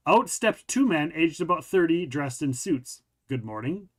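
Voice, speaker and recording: A man's voice: on the high side, expressive, measured pace. A man hosting a casual podcast, chatting with a friend and reading a news article aloud, often stumbling and rereading lines. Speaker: podcast host.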